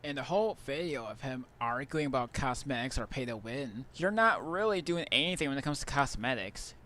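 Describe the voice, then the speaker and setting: A man's voice: medium pitch, animated, a little fast, sharp tone. A man giving argumentative video commentary, arguing indignantly about game microtransactions. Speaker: YouTuber in a clip being reacted to.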